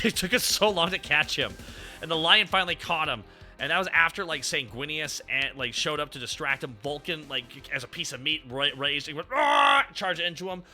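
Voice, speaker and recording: A man hosting a casual ranking stream, telling stories in an excitable, profane rush. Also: a little high. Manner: excitable, profane, fast storytelling. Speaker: streamer host.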